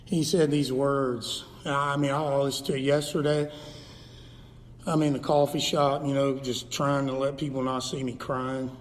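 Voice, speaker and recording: A man's voice: mid-range voice, a little hiss or hum. A man preaching a sermon in a church sanctuary, fervent and emphatic, driving points home by repetition. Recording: long reverb of a large hall.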